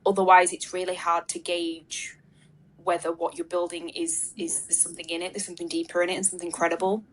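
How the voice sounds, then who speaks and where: A woman with a fairly low voice gives advice as an interview guest on a webinar. She thinks out loud, leaning on "like" and "um" and restarting her sentences as she goes. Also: flat delivery, a little fast. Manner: thinks aloud with frequent fillers and restarts. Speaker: marketing expert guest. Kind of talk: casual interview answers. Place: video call webinar.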